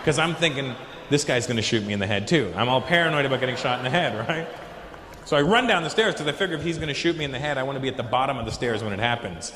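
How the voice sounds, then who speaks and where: A man doing stand-up comedy, telling a story with lively delivery and acting out the people he meets. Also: mid-range voice, very fast, echoey room, long reverb tail, noisy background.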